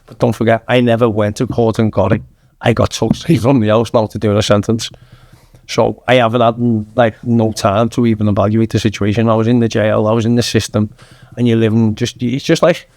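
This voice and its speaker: A fairly low, flat-delivered voice with a darkish tone belongs to a Manchester man in his thirties, talking a little fast as a podcast guest. His casual storytelling is blunt and sweary, full of "lad." There's no room sound.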